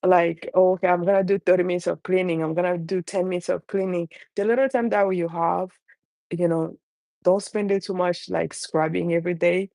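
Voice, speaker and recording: Chatty accented woman with a gravelly voice. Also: lowish voice, steady tone, brisk, warm tone, no room sound. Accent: non-native English. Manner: chatty, rambling, frequent restarts. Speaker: caregiver mom vlogger. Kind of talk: casual live-stream chat. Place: home kitchen.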